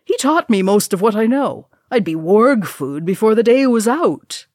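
A woman's voice: on the high side, big pitch swings, moderate pace, a little mellow, no echo, studio quality, pitched above the performer's own voice. Gimli, a woman doing a brash young dwarf. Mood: boastful. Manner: brash, boastful. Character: young brash male dwarf, boastful and cheeky.

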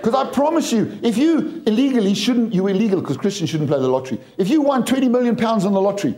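A man's voice: sits high, very animated, fast, dark tone. A man from England preaching a sermon, storytelling with humor to a church. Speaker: pastor.

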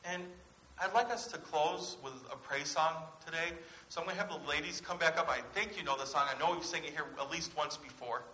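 Speaking fairly quickly in a slightly high, sharp voice, a pastor in church asks his congregation earnest questions during his sermon. There's echo from the room and a faint hiss.

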